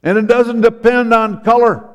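A man's voice: very high-pitched, steady tone, moderate pace. A man preaching a sermon, retelling scripture stories and voicing the people in them. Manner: storytelling, acting out the biblical speakers. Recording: long hall reverb.

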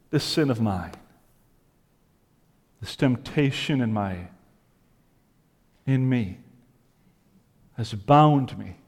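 A man preaching a sermon with passion, dropping to a hush and then rising to loud cries. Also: medium pitch, in a large hall. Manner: impassioned, swings from hushed to loud cries. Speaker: pastor.

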